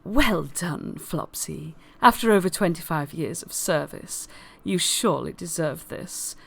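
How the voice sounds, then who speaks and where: A woman's voice: on the high side, big pitch swings, very slow, fairly bright tone, full character voice. A woman voicing a jubilant, pompous male carnival ringmaster who rallies the crowd. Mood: proud. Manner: pompous, rallying.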